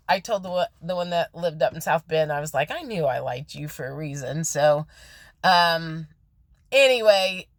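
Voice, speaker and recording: A woman's voice: medium pitch, no room sound. Woman rambling about her day into her phone, very dry close sound, chatty and blunt. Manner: chatty, candid, acts out quoted dialogue. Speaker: spiritual vlogger. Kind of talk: casual storytelling monologue. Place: office.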